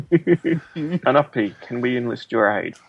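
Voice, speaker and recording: A man's voice: mid-range voice, vocal fry. A man playing a tabletop role-play character, making polite and hesitant requests. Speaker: player. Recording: dull lo-fi sound.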